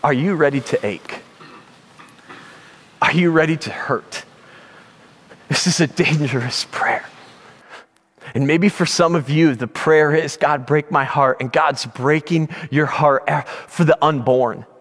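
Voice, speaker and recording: A middle-aged man preaching a sermon, telling a personal story with passion, dropping to a hush and then rising to shouts. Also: a little high, slow, pauses often, long reverb tail, a little hiss or hum. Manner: impassioned storytelling, swings from hushed to shouting. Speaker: pastor.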